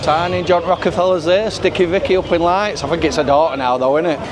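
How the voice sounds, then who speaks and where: A man's voice: on the high side, fairly even intonation, fast talker, over loud music. A man with a Yorkshire accent chatting casually to camera while walking a busy street at night, rambling in broad dialect. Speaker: travel vlogger. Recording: street noise with passing traffic.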